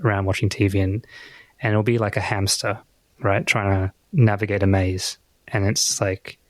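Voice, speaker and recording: A man's voice: lowish voice, dry recording. A middle-aged man co-hosting a podcast in casual chat, telling anecdotes bluntly and swearing freely. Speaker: podcast co-host.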